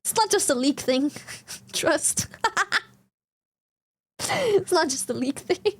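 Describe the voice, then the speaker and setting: A woman's voice: high-pitched, sing-song, slow pace, long pauses. A young woman streamer from Germany or the Netherlands, chatting casually with viewers, giggling often and swearing freely. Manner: giggly, swears freely, reads chat aloud.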